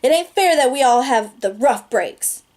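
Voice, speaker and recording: A touchy, bitter teenage greaser boy who talks quickly and with resentment, as a woman reading a novel aloud gives him voice. It is an everyday storybook reading, close to the reader's own voice. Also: high-pitched, lively intonation, darkish tone, voice pushed up. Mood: passionate.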